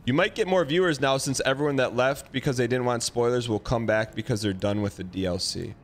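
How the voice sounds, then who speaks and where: Teasing male streamer over game music. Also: mid-range voice. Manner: quick-witted, teasing chat readers. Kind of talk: casual live-stream chat while gaming.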